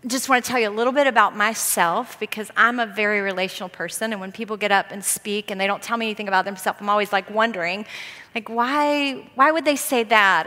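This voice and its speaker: Bright-voiced Southern woman in a hall. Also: medium pitch. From Southern United States. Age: middle-aged. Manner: warm chatty storytelling, laughs often, playful. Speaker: conference speaker. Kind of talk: conference talk from a stage. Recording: long reverb of a large hall.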